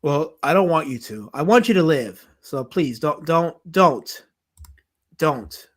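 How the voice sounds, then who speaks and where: A man with a Southern US accent hosting a casual comics live stream, animated and jokey, repeating himself as he reads the chat aloud. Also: fairly high pitch, slow pace.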